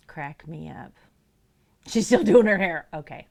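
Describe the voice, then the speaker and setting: With an animated yet measured, creaky delivery, a woman hangs out with her stream viewers, laughing and reading their messages aloud. Talking to her cats, she goes high and sing-song.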